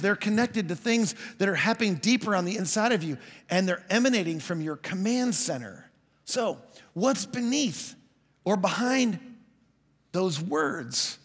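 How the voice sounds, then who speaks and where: A man preaching a sermon as a pastor, telling stories in a conversational way with quick asides. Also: sits high, fairly bright tone. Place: church hall. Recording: long hall reverb.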